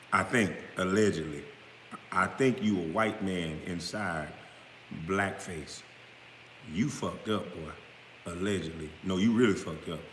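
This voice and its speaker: A man in his thirties ranting bluntly to camera, swinging from low mutters to loud outbursts. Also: a little hiss or hum. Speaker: vlogger. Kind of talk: profane rant to camera. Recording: echoey room with long reverb.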